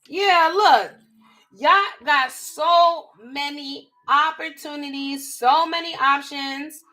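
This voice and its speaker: Animated high-voiced woman reading tarot. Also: slow. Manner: animated, emphatic, slangy, talking straight to viewers. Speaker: tarot reader.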